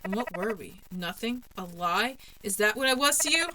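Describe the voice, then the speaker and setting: A woman's voice: medium pitch, expressive, moderate pace, bright, forceful tone, poor audio. A woman voicing the bitter ghost of a dead husband, speaking coldly and accusingly. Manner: cold, accusing. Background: game music.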